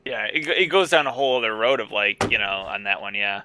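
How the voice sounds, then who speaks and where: A man's voice: mid-range voice, animated, fast talker, background noise. A man chatting casually during an online game, rambling and hesitant as he hunts for his words. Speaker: gamer chatting while playing. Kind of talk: casual chat over game voice chat. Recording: voice chat with game music behind.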